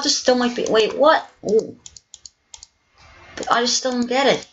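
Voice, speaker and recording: Excitable bright-voiced woman gaming. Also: a little high, unhurried, long pauses, a little hiss or hum, rough recording. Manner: excitable, exclaiming, swears often. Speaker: gameplay video host. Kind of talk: let's play gameplay commentary.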